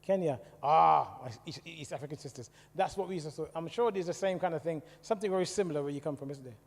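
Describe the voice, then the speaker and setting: Quick-paced and fairly high-pitched, a man from the West Indies shares his testimony with a church congregation, regularly asking them questions. The recording carries the long reverb of the church hall.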